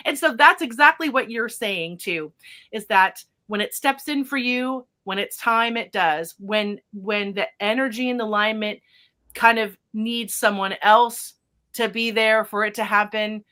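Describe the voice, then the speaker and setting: With a fairly high pitch and a measured pace, this psychic medium hosting a podcast tells a story in relaxed conversation. She sounds animated and excited, and her words lean on spiritual vocabulary.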